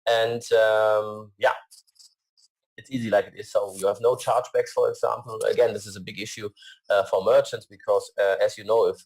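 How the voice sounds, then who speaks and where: Hesitant man presenting slides, low voice. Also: little pitch movement, normal speed, a little mellow, rough recording. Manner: hesitant, many fillers and restarts. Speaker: company CEO presenting.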